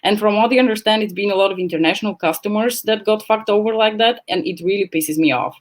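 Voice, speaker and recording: A woman hosts a casual livestream from home, talking into her laptop camera mic at a quick pace in a mid-range voice. She's chatty, rambling, blunt, and swears.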